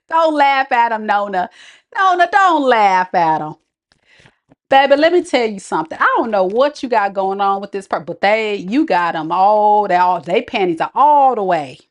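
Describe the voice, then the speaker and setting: A woman's voice: medium pitch, lively intonation, measured pace. Chatty woman giving a live tarot reading. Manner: chatty, slangy, laughs often, addresses viewers directly. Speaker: tarot reader.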